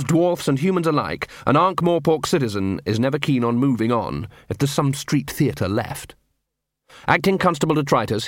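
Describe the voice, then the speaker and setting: Expressive man narrating an audiobook. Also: mid-range voice, dry recording, clean studio sound. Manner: expressive, wry storytelling. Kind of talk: scripted narration.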